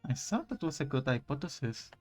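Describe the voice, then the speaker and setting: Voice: mid-range voice, sing-song, fairly quick, soft background music. A streamer casually playing a visual novel and reading the main character's lines with playful drama. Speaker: let's play streamer.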